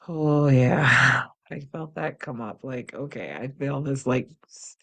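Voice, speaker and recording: Woman, low voice, wellness host, calm, unhurried, guided practice. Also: gravelly. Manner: calm and unhurried, narrating her body sensations.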